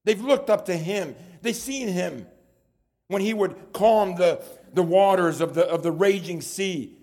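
A man's voice: high-pitched, measured pace, a little mellow. A man preaching a sermon in an earnest way, often repeating words as he builds his points.

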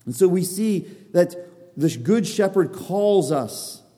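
A man's voice: high-pitched, animated, slow, mellow. A man preaching an expository sermon, earnest and emphatic, driving points home by repeating them. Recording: long reverb of a large hall.

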